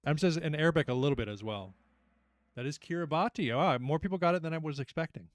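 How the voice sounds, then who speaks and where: A young man hosting a casual online trivia night, chatty and animated as he reads out questions and reacts to the players. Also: on the high side, fast, no echo, faint music behind. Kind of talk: casual livestream quiz hosting.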